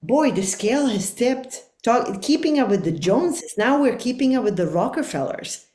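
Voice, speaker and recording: A woman's voice: on the high side, animated, moderate pace, mellow, echoey room. A middle-aged woman speaking as a life coach guest on a podcast, talking in an earnest, reflective and emphatic way. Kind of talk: podcast conversation.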